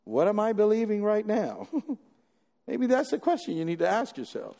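A man preaching a sermon, animated, using rhetorical questions and building to emphatic peaks. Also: sits high, moderate pace, pauses often. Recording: long echoey hall reverb.

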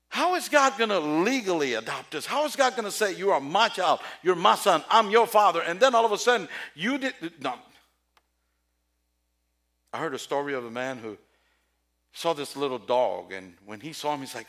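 A man preaching a sermon with passion, swinging between quiet storytelling and loud, rising questions to his listeners. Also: fairly high pitch, lively intonation, fairly quick.

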